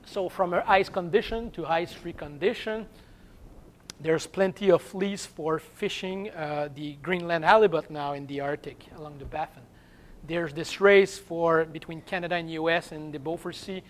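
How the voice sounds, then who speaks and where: A man with a French accent, French as his first language, giving an academic seminar lecture and pausing often to search for English words. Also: on the high side. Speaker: guest seminar speaker.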